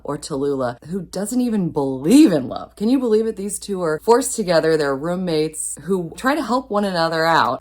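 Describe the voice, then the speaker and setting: A woman's voice: low-pitched, a little mellow. A woman reviewing romance novels in a casual vlog, talking with gushing enthusiasm. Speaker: book reviewer.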